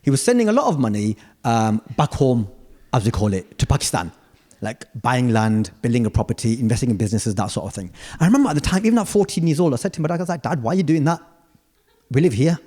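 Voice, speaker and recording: A man around forty with a British accent, performing live stand-up comedy in a theatre in a playful, animated way. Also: fast talker. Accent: British English. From United Kingdom. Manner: animated, playful, with sudden jumps in pitch. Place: large theatre stage.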